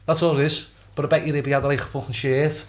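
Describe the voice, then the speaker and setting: A man's voice: fairly high pitch, level tone, fast talker, slight background noise. A man with a Liverpool accent, a boxer chatting casually as a podcast guest, rambling and swearing often. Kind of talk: casual chat.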